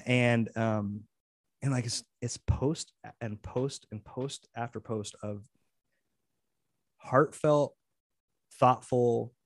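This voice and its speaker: A man's voice: mid-range voice, fairly even intonation, takes it slowly, long pauses, no room sound, studio quality. A man chatting as a new podcast co-host, earnest and rambling, with many restarts. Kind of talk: casual podcast chat.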